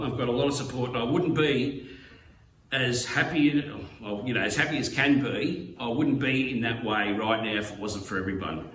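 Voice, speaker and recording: A man's voice: mid-range voice, fairly bright tone. Emotional Australian man, distant and roomy. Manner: emotional, halting, full of fillers and swearing. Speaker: slot car YouTuber. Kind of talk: heartfelt video message. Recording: roomy, distant mic, faint background hum.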